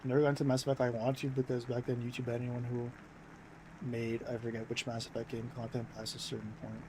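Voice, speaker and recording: A man's voice: mid-range voice, completely flat delivery, fast. A young American man chatting casually on stream in a mid-range voice, rambling and restarting his sentences with lots of fillers. A faint noise sits under his voice. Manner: rambling, filler-heavy, self-interrupting.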